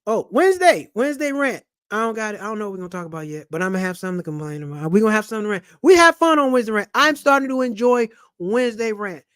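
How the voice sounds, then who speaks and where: A middle-aged man, hosting a casual money vlog in an animated, preachy way full of street slang. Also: high voice, rapid-fire, few pauses, smooth, no echo, clean studio sound. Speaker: channel host and comedian. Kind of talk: casual personal finance vlog.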